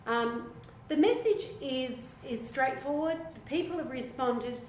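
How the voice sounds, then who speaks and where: A woman leading a small-group Bible study in a casual, animated way, acting out what biblical figures might say. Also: sits high, measured pace, a little hiss or hum. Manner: animated, chatty, acts out voices of biblical figures. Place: echoey room with a small group. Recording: echoey room recording.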